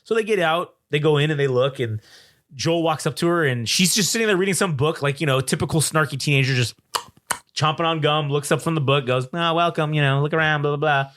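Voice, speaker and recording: A man's voice: on the high side, brisk, fairly bright tone. A man co-hosting a casual film review chat, animatedly retelling scenes and acting out the characters' lines, with frequent swearing. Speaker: podcast co-host.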